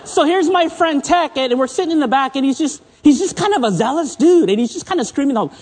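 A man's voice: very high voice, expressive, brisk, a little mellow. An American man in his fifties preaching a sermon from a stage, telling stories in a conversational way and often repeating words. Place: stage under spotlights.

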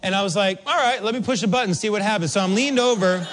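A male pastor preaching a sermon, telling a story with animated, acted-out reactions. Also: high-pitched, fast, noisy background. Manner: animated, acts out his own reactions.

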